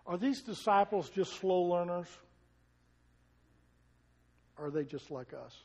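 An older man preaching a sermon, telling stories with emphatic swells and soft asides. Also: sits high, expressive, moderate pace, big-room sound. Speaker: pastor.

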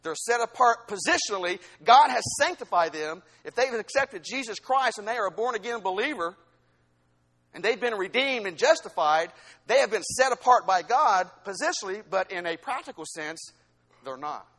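A male pastor preaching a sermon, swinging between loud exhortation and quieter teaching asides. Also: high-pitched, lively intonation, normal speed.

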